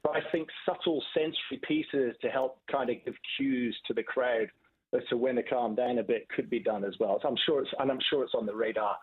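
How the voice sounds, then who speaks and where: A man calling in as a behaviour expert on a radio show, explaining his points in a measured way. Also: mid-range voice. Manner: measured, explanatory, fond of "subtle" and "right?". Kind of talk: radio phone interview. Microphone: phone. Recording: tinny husky phone line.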